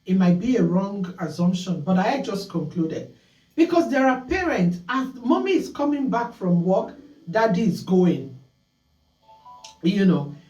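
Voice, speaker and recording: Animated woman talk show host. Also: mid-range voice, a little slow, roomy sound, far from the mic, highs cut off. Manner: animated storytelling, acts out scolding voices. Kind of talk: live call-in talk show monologue.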